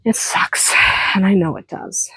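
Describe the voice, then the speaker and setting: A woman's voice: unhurried, a bit bright, no echo. A woman chatting casually in a farm vlog, self-deprecating and laughing often. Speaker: vlogger, hobby farm owner.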